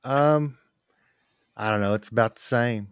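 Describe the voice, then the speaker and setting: A man's voice: medium pitch, a little slow, clear, resonant tone, no echo. A man hosting a casual livestream, bantering with dry jokes and rambling asides. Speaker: livestream host. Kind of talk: casual chat.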